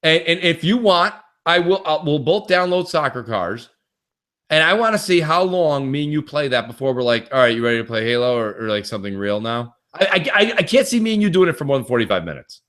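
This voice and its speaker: Animated profane gaming podcaster. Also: male voice, fairly high pitch, a little fast. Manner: animated, profane, acts out quotes. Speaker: podcast co-host. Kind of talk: casual gaming chat.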